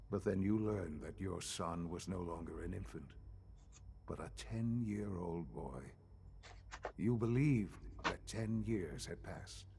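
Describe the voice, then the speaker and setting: An actor playing a calm elderly male scientist leader in a game, speaking in a measured, formal way. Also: low-pitched, creaky, slight background noise, full character voice. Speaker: game character. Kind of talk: game dialogue.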